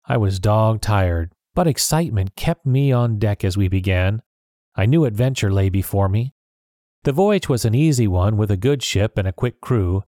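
A man narrating a storybook in an even, clear storytelling voice. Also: lowish voice, no echo, clean studio sound. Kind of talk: storybook reading.

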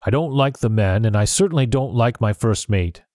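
A stern ship's captain, read by a man in a storybook, speaking curtly and plainly. The voice sits at a middle pitch. The sound is dry and close. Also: lively intonation, moderate pace, darkish tone, no echo, lightly acted. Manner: curt and plain-spoken. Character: stern, blunt male sea captain. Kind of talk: storybook reading.

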